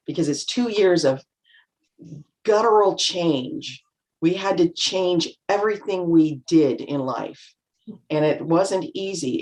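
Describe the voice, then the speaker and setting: A middle-aged woman with a deep, darkish voice speaks as a panel guest over a video call. The talk is casual, and she's chatty and full of anecdotes, acting out little quotes along the way.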